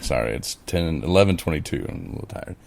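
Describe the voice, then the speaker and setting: A man's voice: extremely low pitch, lively intonation, quick pace, darkish tone. A man co-hosting a podcast in casual chat, full of "you know" fillers, acting out his own replies as he retells them. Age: adult in recovery, speaking of early sobriety. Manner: conversational, with many fillers, acts out his own quoted replies. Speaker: podcast co-host.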